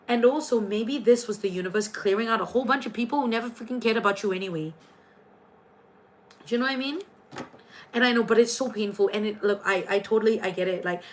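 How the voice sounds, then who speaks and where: A young Singaporean woman, speaking with a Singaporean accent, reads tarot on a casual livestream from her room. Her voice is mid-range, and she gushes and chats away with lots of fillers and restarts.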